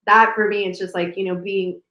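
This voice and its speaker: A woman's voice: medium pitch, little pitch movement, brisk, fairly bright tone, highs cut off. A woman co-hosting a podcast in casual chat, talking emotionally and gushingly with many fillers. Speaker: podcast co-host. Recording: roomy echo.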